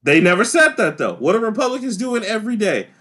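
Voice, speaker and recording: A man hosting a casual podcast chat, talking with passion and heavy profanity, sometimes raising his voice to a shout. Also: high voice, big pitch swings, fast talker. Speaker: podcast host.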